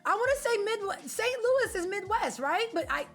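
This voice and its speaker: A woman streamer chatting casually with her live viewers, animated, slangy and opinionated. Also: very high voice, moderate pace, faint music behind. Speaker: game streamer.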